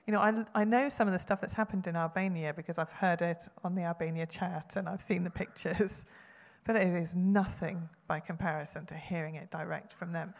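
A woman's voice: fairly low pitch, fairly even intonation, brisk, vocal fry, hardly any pauses. A woman giving an earnest, conversational personal testimony about prayer in a church hall. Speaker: church speaker. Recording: long hall reverb.

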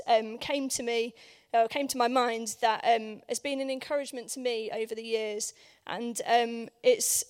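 A woman with a hoarse voice preaching at a church service, talking in a conversational way with many ums and questions put to the congregation. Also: on the high side. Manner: conversational, many ums, asks the room for agreement. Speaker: guest preacher. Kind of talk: informal sermon.

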